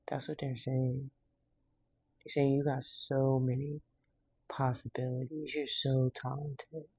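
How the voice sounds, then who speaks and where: Laid back tarot reader talking slangy and blunt, soft dark voice, no room echo. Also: medium pitch, level tone, takes it slowly, husky. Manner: laughs often. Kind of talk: casual tarot reading.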